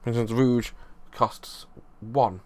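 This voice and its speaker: A man's voice: medium pitch, steady tone, slow, warm tone. Casual man explaining a board game. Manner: loose, rambling explanation with frequent restarts.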